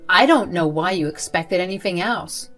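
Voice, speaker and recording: A woman's voice: lowish voice, moderate pace, a bit bright, faint music behind, lightly acted. A woman voicing a cold, spiteful older woman who runs a school, speaking in a cruel, dismissive way. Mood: contemptuous.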